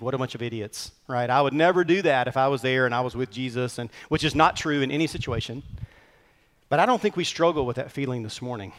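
A man preaching a sermon as pastor, earnest and conversational with quick asides. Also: mid-range voice, big-room sound. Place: church sanctuary.

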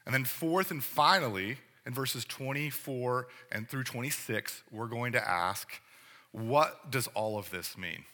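A man's voice: mid-range voice, unhurried, bright, forceful tone, long reverb tail. A man preaching a sermon as pastor, conversational and full of rhetorical questions. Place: church sanctuary.

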